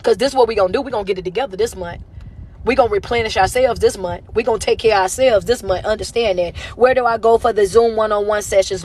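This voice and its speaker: A woman giving a motivational talk on a phone livestream, as a life coach, with an emphatic, repetitive, preacher-like cadence. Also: on the high side. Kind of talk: motivational live stream talk.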